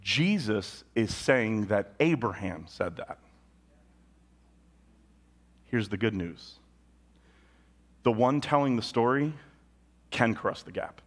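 A male pastor preaching a sermon, telling a story with big swings from loud and high to low and quiet. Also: slow pace, pauses often. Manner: animated storytelling with sudden jumps in pitch and volume; drops low and quiet on solemn points.

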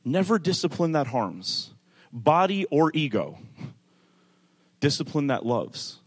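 A male pastor preaching a sermon, moving from calm teaching to rising, emphatic delivery, with conversational asides to the congregation. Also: slow pace, husky. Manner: builds from calm teaching to loud, high-pitched preaching.

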